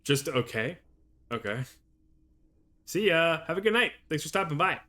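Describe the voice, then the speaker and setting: A man's voice: on the high side, expressive, normal speed, sharp tone. A male streamer chatting casually while playing a game, reacting aloud and laughing often. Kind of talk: casual gameplay commentary.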